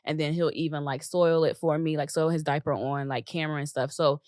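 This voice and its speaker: Woman, low voice, dry close sound, blunt playful podcast host. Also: fairly even intonation, fairly quick, a little mellow, dry recording. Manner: blunt, playful, laughs often. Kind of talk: casual interview chat.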